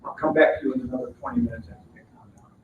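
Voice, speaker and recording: A man's voice: very high-pitched, racing, creaky, narrow, tinny audio, a little hiss or hum. A man leading a live training seminar, talking animatedly and acting out workplace exchanges. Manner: animated, acts out workplace dialogues. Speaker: workshop trainer. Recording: echoey room, mic far off.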